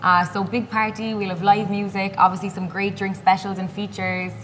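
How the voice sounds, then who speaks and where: A woman's voice: mid-range voice, level tone, normal speed, a bit bright, long reverb tail, a little hiss or hum. A woman from Ireland with an Irish accent, a brand representative explaining drink history and event details in a casual interview. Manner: informative, storytelling explanations.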